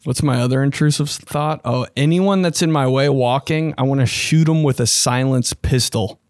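A young man hosting a casual podcast monologue, excitable and slangy, swearing freely and often jumping into high mocking voices. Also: normal speed, no room sound, studio quality. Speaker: podcast host.

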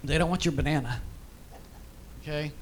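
At a normal speed and fairly high pitch, with slight background noise, a man tells stories in an informal church teaching. His style is conversational, with fillers and many asides, and he is briefly choked up with emotion.

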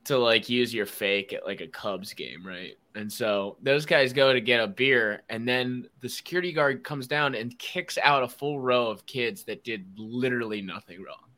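A podcast host chatting casually, telling animated stories and mimicking people's voices. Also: male voice, medium pitch, normal speed, few pauses. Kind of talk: casual chat.

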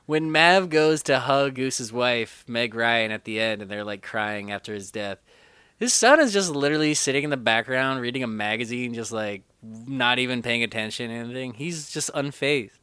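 A man co-hosting a podcast, chatting casually about a film and acting out scenes with quick impressions. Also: medium pitch, clear, resonant tone, no echo. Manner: animated, acts out movie scenes in quick impressions. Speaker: podcast co-host.

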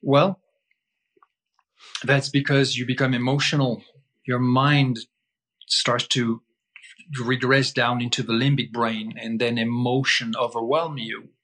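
A man's voice: mid-range voice, flat delivery, slow pace, pauses often, a bit bright. Emphatic man explaining with rhetorical questions. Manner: emphatic, repetitive, asks himself rhetorical questions. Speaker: guest breath-holding teacher. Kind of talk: explaining in conversation.

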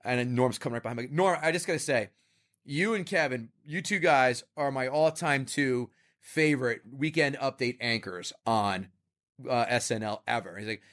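A man, a comedian guest on a podcast, chatting casually and telling stories with lively acted-out quotes. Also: mid-range voice, normal speed. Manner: animated storyteller, acts out quoted voices. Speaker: comedian and show creator guest.

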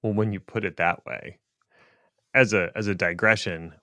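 A man's voice: on the low side, steady tone, normal speed, pushed and bright, no room sound, clean studio sound. A middle-aged man co-hosting a casual tech podcast, joking and wandering off on digressions. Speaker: podcast co-host.

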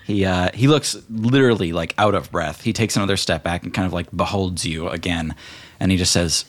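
A man with a very low voice narrates a tabletop role-playing game as game master. He talks in a loose, relaxed way, full of fillers as he sets scenes. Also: fairly quick. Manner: relaxed, filler-heavy storytelling.

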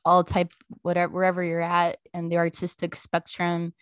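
A woman's voice: on the low side, monotone, normal speed, smooth, dry recording, clean studio sound. A woman hosting a podcast chat, effusive and grateful in her words. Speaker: podcast host. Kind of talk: casual chat.

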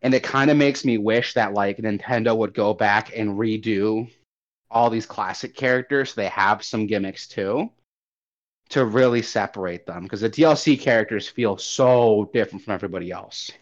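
A young man co-hosting a casual gaming chat, rambling and animated, swearing casually as he goes. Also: fairly low pitch, normal speed. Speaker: podcast co-host. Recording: dull lo-fi audio.

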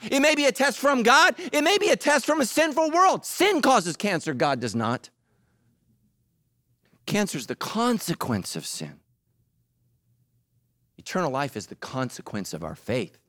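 Male pastor, animated sermon delivery, fairly high voice, dry close mic, loud bursts then hushed emphasis. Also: a little slow, long pauses, no room sound. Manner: animated, humorous storytelling with acted-out quotes.

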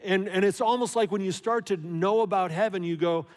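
Male pastor, sermon, chatty and questioning, higher-pitched voice, long church reverb. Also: brisk. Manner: conversational, animated, rhetorical questions.

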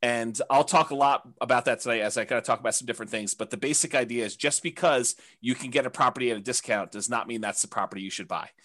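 A man teaching a real estate investing class, talking candidly in a halting way with many restarts and fillers. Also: mid-range voice, a bit bright.

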